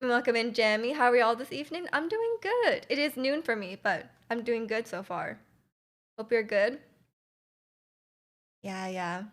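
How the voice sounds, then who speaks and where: A woman's voice: a little high, moderate pace, pauses often. A woman streamer chatting casually with her livestream chat, giggling often and reacting to messages.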